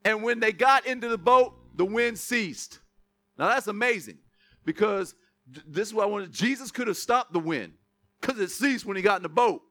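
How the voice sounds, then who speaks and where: A male pastor preaching to his congregation in a lively way, breaking up scripture readings with playful jokes. His voice sits high for a man and has a bright, ringing edge. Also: moderate pace. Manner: lively, joking asides to the congregation. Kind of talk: sermon.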